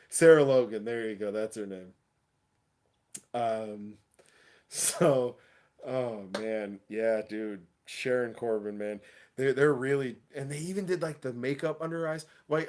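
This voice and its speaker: Man, livestream host, casual chat, excitable, slangy, laughs a lot, mid-pitched voice. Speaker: wrestling show host.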